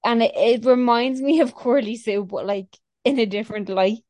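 A woman's voice: a little high, moderate pace, a little mellow, no echo. A woman co-hosting a podcast, chatting casually and gushing, rambling with lots of fillers. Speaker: podcast co-host. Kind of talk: casual chat.

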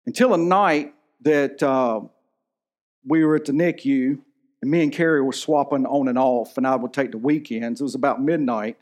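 A man's voice: mid-range voice, normal speed, a little mellow. A man in his thirties preaching a sermon in a church, telling a personal story in an earnest, emotional way. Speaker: pastor.

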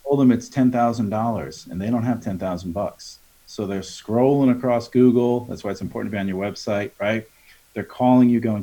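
In a conversational podcast interview, a man trains contractors on sales in a coaching tone, playing out customer dialogues and often tacking on "right?". His voice is on the low side, dark in tone, and quick.

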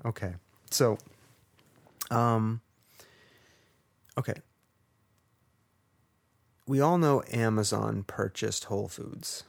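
Guy co-hosting a podcast, slow sarcastic rant, swears constantly. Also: on the low side, creaky, no room sound. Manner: profane, sarcastic ranting. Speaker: podcast co-host.

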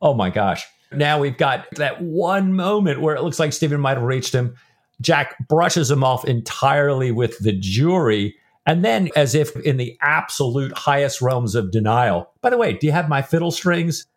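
A man's voice: medium pitch, animated, unhurried. A middle-aged man co-hosting a podcast about a novel. He talks in a loose, rambling way, full of restarts and asides. When he reads passages aloud, he gives them real feeling. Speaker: podcast co-host. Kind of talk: casual book-discussion chat.

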